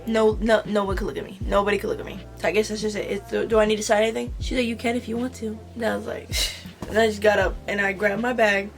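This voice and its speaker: Young woman venting a storytime, raspy fry in her voice, cussing a lot, quiet music behind. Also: mid-range voice, fast. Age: young adult. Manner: animated retelling, swearing, slang-heavy. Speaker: vlogger. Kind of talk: storytime vlog.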